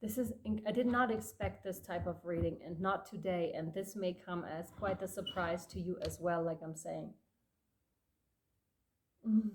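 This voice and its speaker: A woman giving a tarot reading to her viewers, effusive and emotional, laughing often and addressing listeners warmly. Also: lowish voice, fairly even intonation, normal speed. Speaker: tarot reader.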